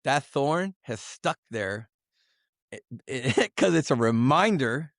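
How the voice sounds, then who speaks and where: A middle-aged man giving a candid personal testimony as a podcast guest, earnest and confessional, halting with many fillers and restarts. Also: medium pitch, lively intonation, creaky, fairly bright tone, no room sound, studio quality. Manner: halting, full of "you know" fillers and restarts.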